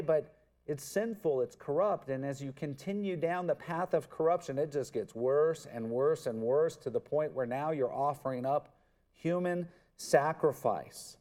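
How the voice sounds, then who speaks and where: A man's voice: on the high side, a little slow, a little mellow. A man preaching an expository sermon, earnest and emphatic, repeating words for stress. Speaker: pastor.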